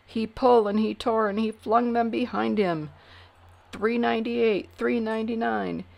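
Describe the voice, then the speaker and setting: A woman reading a children's storybook aloud in an expressive way, dropping to whispers for suspense. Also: fairly high pitch, a little slow, gravelly. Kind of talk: reading a picture book aloud.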